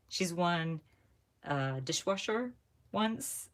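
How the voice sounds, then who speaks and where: A chatty woman hosts a live craft stream from home, talking to viewers as she works. Her voice sits low, but it jumps up when she gets excited, and she laughs often. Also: slow pace. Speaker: craft channel host. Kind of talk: casual live-stream chat while crafting.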